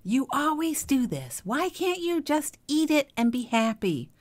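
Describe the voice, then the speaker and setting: A woman's voice: high-pitched, sing-song, unhurried, voice pushed up. A woman mimicking a nagging, reproachful parent. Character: nagging parent, impatient adult scolding a child.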